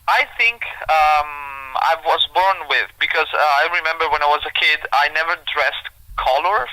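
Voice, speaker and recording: A man's voice: a little high, moderate pace, pushed and bright, low-quality recording. An Italian man, a guest escapologist, answering interview questions in English with an Italian accent, hesitant and full of fillers. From Italy. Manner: hesitant, many fillers, non-native phrasing.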